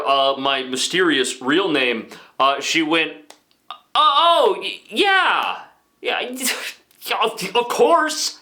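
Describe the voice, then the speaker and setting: A middle-aged man from the United States hosts a comedy podcast. His voice sits high and bright, and he rants in mock outrage. He often drops into muttered asides. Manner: mock-indignant ranting, swinging between loud outbursts and muttered asides.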